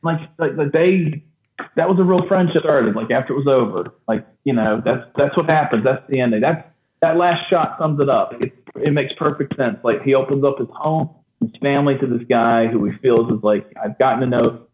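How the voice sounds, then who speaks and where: A man co-hosting a casual film discussion podcast, animated and laughing often. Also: mid-range voice, normal speed, roomy sound, slight background noise. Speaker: podcast co-host. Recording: tinny phone-like line.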